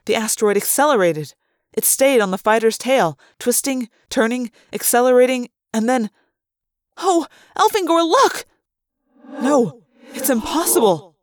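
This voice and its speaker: Female audiobook reader, steady, mid-pitched, dry close recording. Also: dry recording. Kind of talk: reading a novel aloud.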